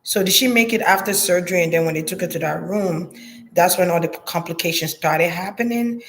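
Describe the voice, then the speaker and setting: A woman's voice: lowish voice, fairly quick, fairly bright tone, a little hiss or hum. A woman giving a psychic reading in a hesitant, murmuring way, repeating words and trailing off. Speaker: psychic reader. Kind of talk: intuitive reading monologue.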